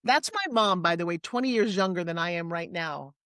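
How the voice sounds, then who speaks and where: A woman in her sixties with a New York accent, a guest telling personal stories in a lively, candid way with quick asides. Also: on the low side, dry recording, clean studio sound. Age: 60s. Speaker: interview guest. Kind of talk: personal storytelling in conversation.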